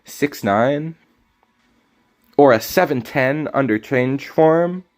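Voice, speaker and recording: A man streaming a card game, chatting casually with his viewers, teasing them and breaking into loud, sudden reactions. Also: medium pitch, slow. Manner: casual, teasing banter with chat. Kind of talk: live game stream commentary.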